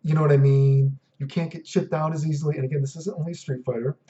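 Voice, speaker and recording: Annoyed guy ranting and cussing into a cheap mic, slightly high voice, muffled sound. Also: steady tone, quick pace, dark tone. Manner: profane, exasperated, sarcastic. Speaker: vlogger. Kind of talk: ranting monologue. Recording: dull lo-fi audio.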